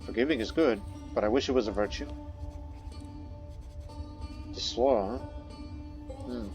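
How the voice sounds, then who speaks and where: A man's voice: mid-range voice, slow, darkish tone. A man narrating a let's-play of a strategy game, reading event text aloud in first person and musing on it. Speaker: gameplay commentator. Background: faint background music.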